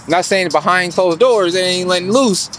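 A man with a somewhat high-set voice rambles through a casual monologue, slangy and full of swearing. He keeps checking in with the listener, and faint street and car noise hums behind him. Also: moderate pace, a bit bright. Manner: profane, slangy, keeps asking "you feel me". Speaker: vlogger giving financial advice.

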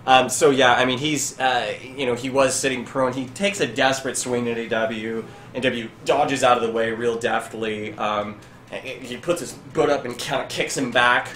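A man's voice: medium pitch, fairly even intonation, moderate pace, fairly bright tone. A man running a tabletop game as game master, narrating with loose, vivid storytelling. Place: indoors at a LAN party. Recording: echoey noisy room.

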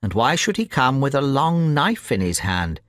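A man's voice: mid-range voice, sing-song, moderate pace, a bit bright, dry recording, studio quality. A man reading a nervous, sickly young man. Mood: anxious. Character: nervous, querulous young man weak from illness.

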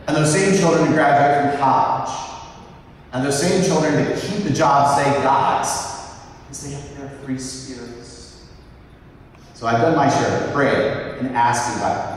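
A middle-aged priest preaches in a large church, his voice carrying a long, ringing reverb. He sounds a little distant from the microphone. He tells stories in a lively, conversational way. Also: mid-range voice, normal speed, long pauses, slight background noise. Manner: storytelling, animated and conversational. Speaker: pastor. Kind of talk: sermon. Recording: echoey church picked up from afar.

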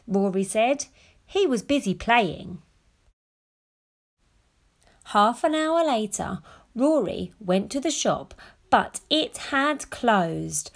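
A woman reading a children's picture book aloud, gently and expressively. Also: medium pitch, lively intonation, slow pace, creaky. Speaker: storyteller.

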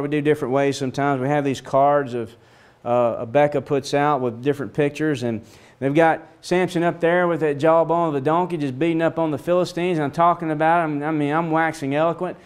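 A middle-aged man teaching a Bible lesson in a lively storytelling way, acting out the voices of the people in the story. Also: clear, resonant tone. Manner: storytelling, acts out voices with big pitch swings.

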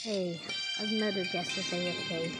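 A woman's voice: fairly low pitch, fairly even intonation, moderate pace. A woman giving casual, playful commentary on her own gameplay, chatting to herself and eating and drinking on mic. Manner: playful, chatty, talks to herself while playing. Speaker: gamer. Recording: game music playing under the voice. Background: game music.

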